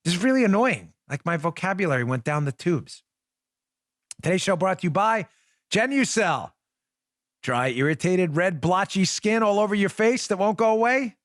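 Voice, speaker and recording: A man's voice: sits high, lively intonation, moderate pace, dry recording. A man in his forties hosting a political talk show, riffing in sarcastic mock pleas with lots of restarts, into a studio microphone. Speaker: podcast host.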